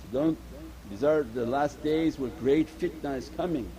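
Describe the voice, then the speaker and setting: A man's voice: a little high, normal speed, crowd noise, poor audio. A man giving an earnest Sufi sermon, repeating his points and mixing Arabic religious terms into English. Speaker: Sufi teacher.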